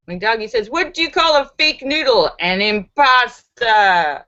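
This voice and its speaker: A woman's voice: a little high, lively intonation, slow, sharp tone, dry recording. A woman hosting a live stream, reading out viewer jokes and laughing at the punchlines. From Los Angeles. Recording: dull, dry home recording.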